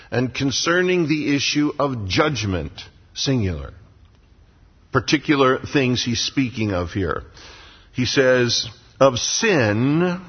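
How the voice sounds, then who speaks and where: A man's voice: medium pitch, slightly rough. A man preaching a sermon as pastor in a church sanctuary, with emphatic repetition. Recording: lo-fi sound with long hall reverb.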